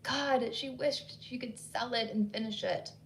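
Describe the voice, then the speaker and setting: A woman narrating a horror story in a measured, scripted reading. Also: fairly high pitch, fairly even intonation, gravelly, a little hiss or hum, low-quality recording.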